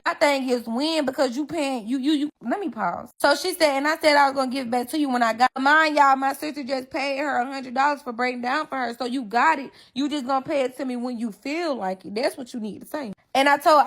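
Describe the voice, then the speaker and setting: A woman's voice: fairly high pitch, quick pace, hardly any pauses. A young woman, telling a story about a friend in an emphatic, indignant way and acting out both sides of the argument. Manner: emphatic, indignant, acts out quotes. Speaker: storyteller recounting a falling-out. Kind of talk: casual story-time vlog.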